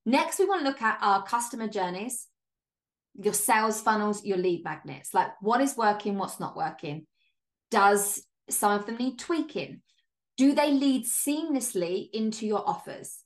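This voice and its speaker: Woman host, mid-pitch, punchy pep-talk delivery, casual swearing, chatty fillers. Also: lively intonation, measured pace. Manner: upbeat, emphatic, casual swearing; chatty with frequent "like" and laughs. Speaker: podcast host and business coach. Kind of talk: solo podcast monologue.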